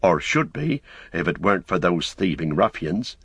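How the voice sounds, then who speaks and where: A man's voice: low voice, big pitch swings, moderate pace, a bit bright, slightly rough, no room sound, clean studio sound, heavily acted. A man voicing a polite but indignant middle-aged hobbit housewife in a storybook reading.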